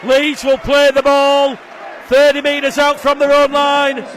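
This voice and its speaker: A man calling a live rugby league match, his voice rising to shouts on big plays. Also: very high-pitched, completely flat delivery, slow pace. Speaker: play-by-play commentator. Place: stadium commentary position. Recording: broadcast with crowd and ambient noise. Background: crowd noise.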